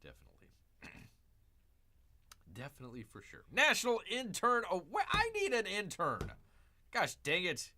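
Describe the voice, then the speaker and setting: Animated, bright-voiced joking male streamer. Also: high voice, moderate pace, long pauses. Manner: joking, calls himself Bear in third person; rambling, repeats lines and drifts into asides. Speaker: livestream host. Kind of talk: casual livestream commentary.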